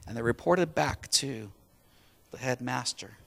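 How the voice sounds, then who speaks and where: A man's voice: mid-range voice, a little slow, vocal fry, sharp tone. A man preaching a sermon, retelling a story in a casual, conversational way. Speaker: pastor.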